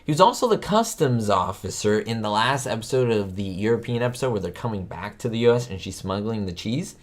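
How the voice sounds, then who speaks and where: Man, livestream trivia host, casual chat, animated swoopy pitch, rambling, excitable. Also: fairly quick. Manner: rambling, excitable, talks to viewers.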